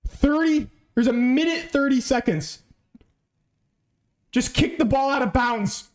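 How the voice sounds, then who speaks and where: A man reacting live to a football match, excitable and pleading, swearing often, in a fan watch-along. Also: very high-pitched, measured pace. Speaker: fan streamer.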